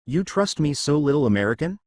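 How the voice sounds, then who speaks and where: A man puts on a stern Russian man who speaks in short, formal sentences with a Russian accent. The delivery is curt but lively in pitch. It has a dry storybook-reading sound. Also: brisk, no echo. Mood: gruff.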